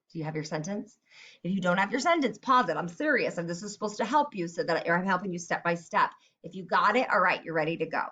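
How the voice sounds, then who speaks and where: A woman's voice: mid-range voice, a bit bright. A woman teacher leads children through a writing task one step at a time in a recorded lesson. Now and then she acts out her example sentences. The recording is dull and lo-fi.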